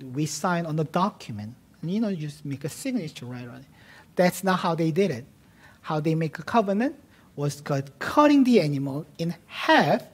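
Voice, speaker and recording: A man, a pastor, preaching an expository sermon, moving between casual asides and emphatic declarations that fall to hushed tones. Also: fairly high pitch, slightly rough. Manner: emphatic, swings from loud declarations to hushed near-whispers; conversational asides amid teaching.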